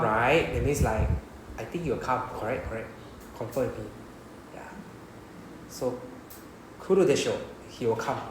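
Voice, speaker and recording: In a roomy space, with a little hiss or hum on poor audio, a man teaches a Japanese class in Singaporean-accented English. His voice sits in the mid range, and he keeps repeating "right?" to check that his explanation is landing.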